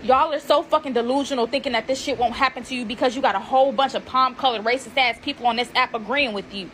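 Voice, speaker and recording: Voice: medium pitch, fast, a bit bright, slight background noise. A woman in a heated, profane social media callout rant.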